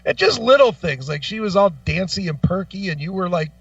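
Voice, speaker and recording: A man co-hosting a radio talk show, telling stories with lots of profanity in a lively, animated way. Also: high-pitched, fairly quick, gravelly, no room sound, distant mic, lo-fi sound, soft background music. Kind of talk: casual chat. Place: radio studio.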